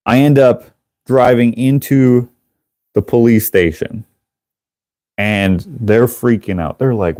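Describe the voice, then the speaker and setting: A man hosting a live stream, telling a rambling, animated story with casual swearing and laughter, jumping into high voices to act out other people. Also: unhurried, long pauses, dry recording, clean studio sound. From Canada. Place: indoors, working on a craft while streaming.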